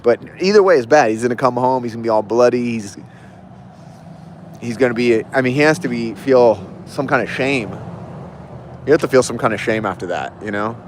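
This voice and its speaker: Rambling man livestreaming outdoors by traffic. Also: mid-range voice. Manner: rambling, halting, many restarts and fillers. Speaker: livestream host. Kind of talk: casual reflective monologue.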